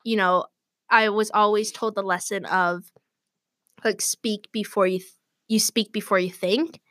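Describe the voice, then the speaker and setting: A woman's voice: mid-range voice, steady tone, a little slow, a bit bright, no echo, clean studio sound. A young woman in casual chat on a podcast, giggly and chatty with lots of "like".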